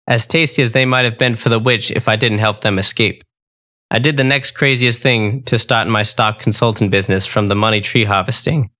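A man narrating a comic fairy-tale audiobook in the first person, in a breezy, deadpan reading style. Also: mid-range voice.

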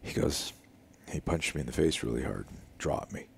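A man's voice: extremely low pitch, moderate pace, vocal fry, breathy edge. A middle-aged man, a self-defense instructor, telling a story in a casual conversation and acting out the voices of the people in it. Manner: animated storyteller, acts out quoted voices. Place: living room.

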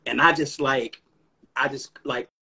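A rapper from Chicago with a Chicago accent, talking reflectively in a casual live stream chat. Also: male voice, mid-range voice, steady tone, unhurried, vocal fry, sharp tone, husky. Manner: reflective, affirming listener.

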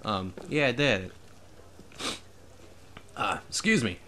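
Man, casual gameplay commentary, bright voice, lively pitch, chatty and laughing, desk mic at home, faint game sound behind. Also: slow pace, slight background noise. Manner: chatty, laughs often, jokey put-on accents. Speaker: let's play gamer. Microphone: desk microphone.

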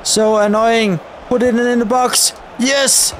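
A young man giving live commentary over a football video game, shouting at the referee in frustrated outbursts. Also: sits high, takes it slowly, hardly any pauses, slight background noise. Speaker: gaming YouTuber.

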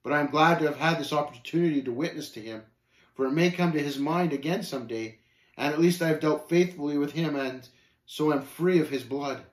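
A man's voice: on the high side, fairly quick, echoey room, lightly acted. A man reading aloud and voicing a plain-spoken, earnest male pilgrim who speaks matter-of-factly. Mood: rueful. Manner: steady, matter-of-fact, earnest.

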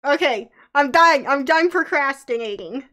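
A woman's voice: sits high, expressive, a little slow, pushed and bright. A woman chatting casually with a friend during a song-guessing game, giggling and nervous. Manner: giggly, nervous, laughs often. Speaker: quiz game player.

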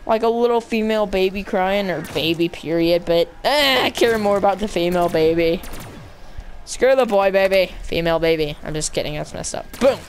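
A woman streams a zombie shooter and talks her way through it in a loose, slangy voice, bursting into excited, gushing exclamations. Her pitch sits in a middle range. A faint background noise runs under the recording. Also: brisk. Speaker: gamer streaming zombie mode. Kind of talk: casual live gameplay commentary.

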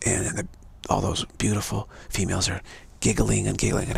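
A man's voice: lowish voice, level tone, a little fast, creaky, hardly any pauses. A man giving an emphatic, repetitive live-streamed monologue, warning his listeners again and again. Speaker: speaker of a live-streamed show.

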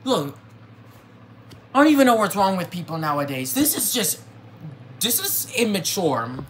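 A young adult vlogger ranting to viewers in an agitated way, repeating themselves, with the voice jumping high and loud whenever they get upset. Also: very animated, moderate pace, slight background noise. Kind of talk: ranting to camera.

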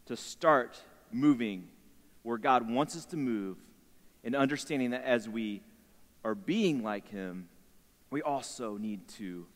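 A man in his thirties giving a storytelling sermon in a chapel, animated and acting out the voices of himself and his son. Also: mid-range voice. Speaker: chapel speaker. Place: university chapel. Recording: long hall reverb.

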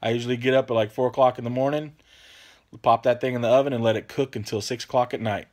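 A laid-back man with a drawl hosts a casual vlog answering viewer questions, rambling, trailing off, apologizing often and peppering his talk with "man." His voice sits at an ordinary medium pitch, and he talks fast.

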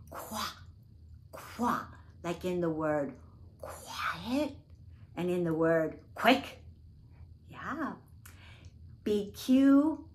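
A woman hosting a toddler storytime, speaking in a slow, sing-song way, with exaggerated words for small children. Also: medium pitch, a little mellow.

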